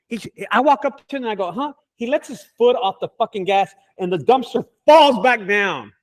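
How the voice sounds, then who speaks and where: A man who owns a junk removal business, telling animated, profane stories in a casual group chat. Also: extremely high pitch, normal speed.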